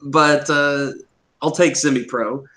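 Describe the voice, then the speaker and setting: Bright-voiced guy on a podcast, laughing, playing with accents. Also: a little high, fairly even intonation, takes it slowly. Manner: laughs often, tries out accents. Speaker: podcast guest, cosplayer. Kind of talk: casual chat.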